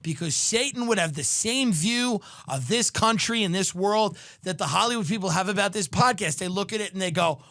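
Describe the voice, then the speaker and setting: A man with a high, reedy speaking voice rants through a sardonic comedy monologue, recorded close and dry. He is a podcast host, and his ranting style keeps breaking into bursts of mock shouting. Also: expressive, moderate pace, few pauses, no echo.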